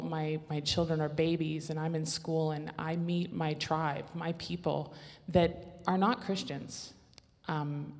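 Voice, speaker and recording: Woman, low register, candid testimony on a panel, long hall reverb. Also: gravelly, darkish tone. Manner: candid and rambling, with self-correcting restarts. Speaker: panelist mother. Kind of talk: personal testimony on a church panel.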